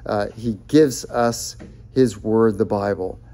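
A man's voice: fairly low pitch, slow pace, dark tone. A male pastor preaching a sermon in a conversational way, with many fillers and restarts, quoting scripture as he goes.

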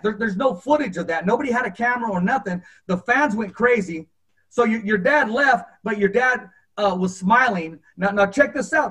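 Male podcast host, high voice, animated anecdote style. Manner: animated, acts out quotes. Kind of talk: storytelling in casual interview.

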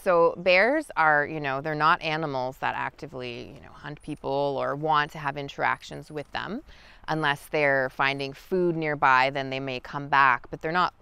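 A woman guiding an outdoor lesson in the forest, talking in a relaxed, chatty way with many fillers. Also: low voice, moderate pace, gravelly, smooth, no echo. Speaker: wild food guide. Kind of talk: outdoor teaching talk.

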